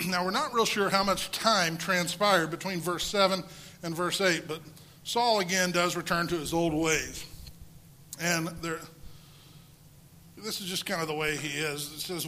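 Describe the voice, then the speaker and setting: A man preaching a sermon, telling the story with lively energy and rhetorical questions. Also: fairly high pitch, moderate pace, slight background noise, low-quality recording.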